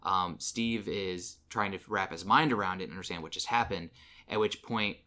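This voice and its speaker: Man, podcast co-host, low-ish voice, bright edge, halting scene recap. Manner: retells scenes with many ums and restarts. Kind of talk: casual film review chat.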